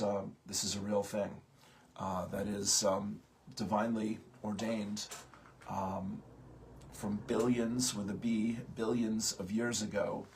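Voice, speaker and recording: A man hosting a morning spiritual talk, speaking haltingly with many pauses and fillers, just out of bed. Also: fairly low pitch. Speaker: host of a morning spiritual program.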